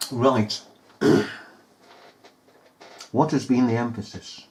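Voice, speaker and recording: Man, unhurried pace, scornful, ranting commentary, rhetorical questions. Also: mid-range voice, animated. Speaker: video commentator. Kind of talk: ranting commentary over news footage.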